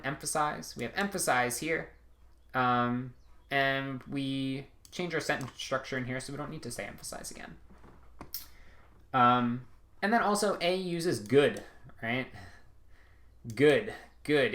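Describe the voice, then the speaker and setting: A young test prep instructor teaches a recorded writing lesson in a loose, casual style, restarting mid-sentence and frequently saying "um" and checking in with "right?" His voice is mid-range with a fairly bright tone.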